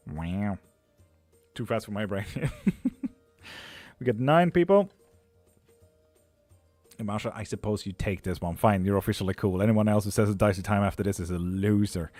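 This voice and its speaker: A man's voice: on the low side, fairly even intonation, fairly quick, a little mellow, dry recording, faint music behind. A man, a tarot reader hosting a live stream, chatting loosely with viewers, swearing and laughing often.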